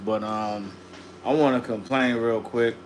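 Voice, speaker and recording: A man's voice: medium pitch, fairly even intonation, measured pace, a little hiss or hum. A man hosting a casual livestream, ranting and chatting in slang and greeting viewers by name. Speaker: livestream host.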